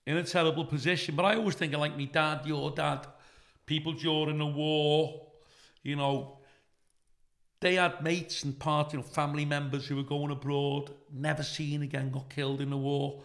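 A man's voice: fairly high pitch, moderate pace, creaky. A middle-aged man with a Scouse accent, a comedian telling stories in casual chat and swearing freely. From Liverpool, England. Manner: swears freely, animated when quoting others. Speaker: guest comedian.

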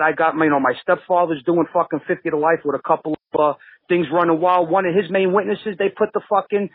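A man's voice: high-pitched, breathy edge, dry recording. New York man rambling over a phone line. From Brooklyn, New York. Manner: rambling, many restarts and fillers. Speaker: podcast regular. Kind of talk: casual storytelling.

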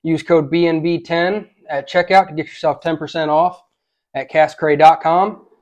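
A man with a somewhat high voice hosting a podcast and wrapping up the episode. He reads the sponsor plug and asks for ratings in a relaxed, informal way, with plenty of fillers. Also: normal speed. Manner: casual, easygoing, filler-heavy. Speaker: podcast host. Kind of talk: podcast sign-off and sponsor read.

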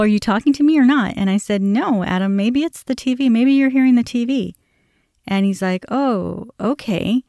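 A woman's voice: medium pitch, a little mellow, no room sound, clean studio sound. A middle-aged woman hosting a podcast, candidly telling a family story in a conversational way and acting out remembered exchanges. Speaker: podcast host.

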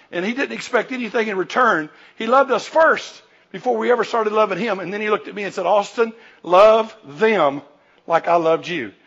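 A man preaches in a church with a high, gravelly voice that climbs to shouts. He acts out the people he quotes with emphatic swings. The recording is muffled and lo-fi. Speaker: pastor. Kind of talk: sermon. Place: church sanctuary.

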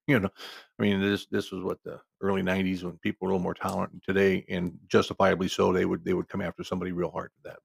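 A man's voice: sits low, gravelly, dry recording, clean studio sound. A man in his sixties telling a true story from his working life in a casual, emphatic, conversational way that wanders into asides.

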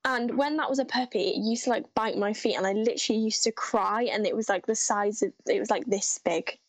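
A woman's voice: medium pitch, fairly quick, low-quality recording. Chatty British teen girl. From Great Britain. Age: teens. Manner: chatty, says "like" a lot, laughs easily. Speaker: interview guest. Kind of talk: casual interview chat.

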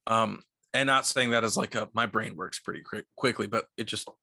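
A man's voice: fairly low pitch, fairly quick, vocal fry, slightly rough, dry recording, studio quality. A young man in his twenties, a podcast co-host telling a story in a casual, profane way, full of "like". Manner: profane, animated, lots of "like".

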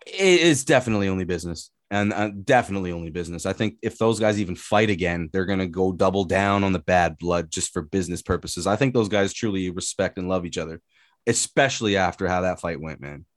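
A man's voice: sits low, fast talker, no room sound, studio quality. A man co-hosting a casual sports talk show, ranting with energy and plenty of swearing. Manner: animated, profane ranting. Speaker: podcast co-host.

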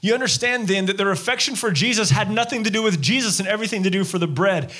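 A man delivering a church sermon with a fairly high-pitched voice. He preaches in a lively, animated way and slips into quoted voices to act out the crowd and Jesus. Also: fast talker. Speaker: pastor.

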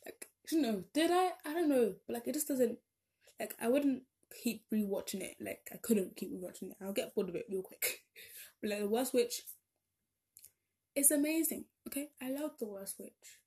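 A woman's voice: on the high side, normal speed, dark tone. A young woman, chatting casually and rambling as she corrects herself along the way. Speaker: vlogger. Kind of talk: casual chat.

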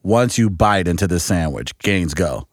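A man's voice: sits low, normal speed, no room sound, studio quality. A man co-hosting a radio show, joking and teasing his co-hosts in casual banter. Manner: playful, teasing, lively.

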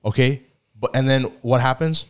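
A man co-hosting a podcast, telling a story in a casual, animated way and acting out the people in it. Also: mid-range voice, normal speed, clean tone. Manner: animated storyteller, acts out quotes, teasing. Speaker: podcast co-host.

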